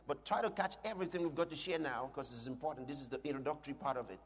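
A man preaching a sermon, teaching in an emphatic way and breaking into shouted declarations, often asking the congregation questions. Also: mid-range voice, rapid-fire. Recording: long hall reverb.

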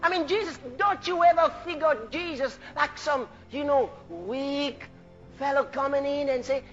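High-voiced, fiery male preacher. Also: a little slow, dull audio, soft background music. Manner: impassioned, shouting praise, laughing, dramatic voicing of quotes. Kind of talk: sermon.

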